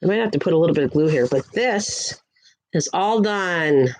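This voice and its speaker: A woman's voice: low-pitched, animated, moderate pace, a little mellow, low-quality recording. Chatty older woman crafting live. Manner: chatty and rambling, talks to viewers in the chat; sweet greetings to viewers in a lifted voice. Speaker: crafting livestream host. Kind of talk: casual livestream chat.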